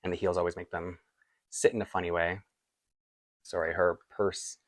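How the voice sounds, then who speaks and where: A man's voice: sits low, level tone, normal speed, dry recording. A man with a Canadian accent chatting casually through a doll unboxing, rambling with frequent little laughs. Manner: rambling, chatty, laughs often between asides. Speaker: doll collector vlogger.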